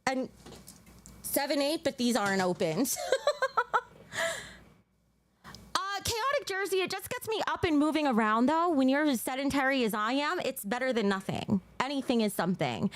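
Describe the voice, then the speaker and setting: A woman with a high voice talks casually to her livestream audience from home. She chats along, reads out donations and talks to her cats. At times she is out of breath from exercising. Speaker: livestream host.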